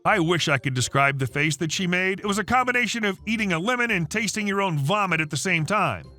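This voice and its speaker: Male narrator reading online stories, bright voice, very animated pitch, faint music behind. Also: fast talker. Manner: lively storytelling. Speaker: story narrator. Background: faint background music.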